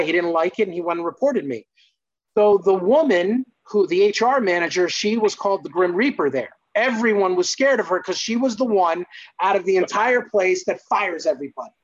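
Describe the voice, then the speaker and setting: Guy with a high voice telling his faith story, lively and earnest, kinda dull lo-fi audio. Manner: earnest, lively, acts out exclamations. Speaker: guest sharing a faith testimony. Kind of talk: animated personal storytelling.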